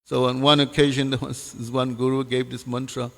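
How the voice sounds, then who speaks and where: A man giving a devotional scripture class, halting with many fillers and putting questions to his listeners. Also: mid-range voice, little pitch movement, gravelly. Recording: long hall reverb.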